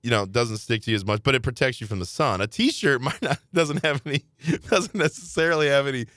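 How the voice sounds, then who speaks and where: A man's voice: medium pitch, brisk, a bit bright, dry recording, clean studio sound. A man co-hosting a podcast, telling a rambling anecdote in casual chat and laughing often. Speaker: podcast co-host.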